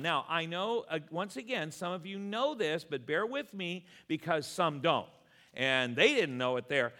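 A man preaching a sermon to his church, animated and joking, acting out little quoted exchanges. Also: fairly high pitch. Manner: animated, jokey asides with acted quotes. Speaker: pastor. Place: church sanctuary. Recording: long hall reverb.

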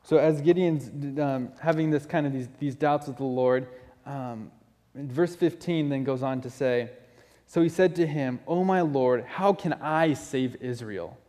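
At a measured pace and with a warm, mid-range tone, a male pastor gives an earnest, conversational sermon, often going back to restart his lines. The sound carries the long echo of a large hall.

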